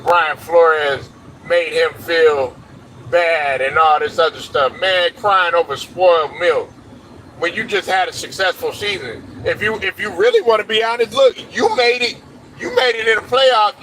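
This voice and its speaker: A man's voice: a little high, bright, forceful tone, poor audio. A man hosting a sports show, delivering a blunt, profane, preachy rant with faint traffic noise around him. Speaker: sports commentary host.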